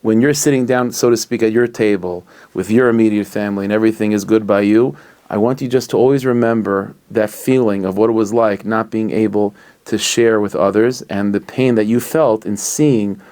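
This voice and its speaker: A man voicing a wise old rebbe who gives calm counsel in a told story. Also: fairly low pitch, moderate pace, natural voice. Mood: solemn.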